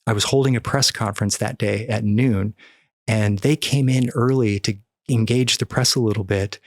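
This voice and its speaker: A man's voice: lowish voice, normal speed, no echo. Middle-aged guy from the midwest telling a wild story on a podcast, acts out the voices, dry close sound. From American Midwest. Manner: animated storyteller, acts out quoted dialogue. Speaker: podcast guest, cannabis activist.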